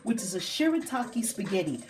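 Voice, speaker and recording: A woman's voice: medium pitch, sing-song, a little fast. A woman hosting a casual cooking demonstration, chatty and playful with cheerful exclamations as she cooks. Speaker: cooking show host. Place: kitchen at a hot stove. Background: sizzling pan and music.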